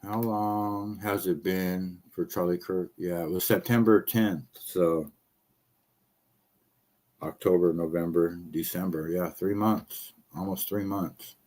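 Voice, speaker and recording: Host, male, lowish voice, rants bluntly and swears a lot, hoarse from talking. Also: steady tone, darkish tone. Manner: blunt, profane, fast-talking. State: losing his voice. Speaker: show host. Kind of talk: casual ranting commentary.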